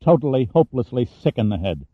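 A man's voice: mid-range voice, very animated, quick pace, dry recording, dull audio. A man voicing a wounded, defiant male hero in an audiobook, talking bitterly through clenched teeth. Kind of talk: audiobook character reading.

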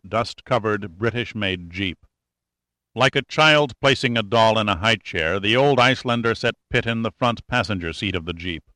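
A man narrating an adventure novel as an audiobook, in a steady, measured reading. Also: fairly low pitch, dry recording.

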